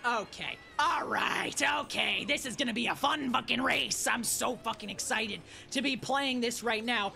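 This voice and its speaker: Young woman streamer swearing at a kart race, sharp bright voice, kinda high. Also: moderate pace, vocal fry, few pauses. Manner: profane, frustrated ranting, yelling at the game. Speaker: gaming streamer. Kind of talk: live gameplay commentary. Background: faint game music.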